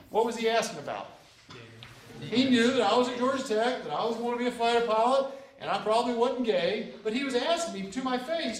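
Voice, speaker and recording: His voice is very high-pitched, expressive and brisk, and the room sounds roomy. The man, a JROTC instructor in his fifties, lectures cadets with folksy, repetitive anecdotes, acting out lines of dialogue as he goes.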